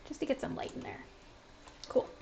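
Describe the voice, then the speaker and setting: A woman's voice: a little fast, warm tone, slight background noise, low-quality recording. A woman streaming a building game, chatting casually to herself with lots of "like" and a self-described Valley Girl way of talking. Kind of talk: casual gameplay commentary.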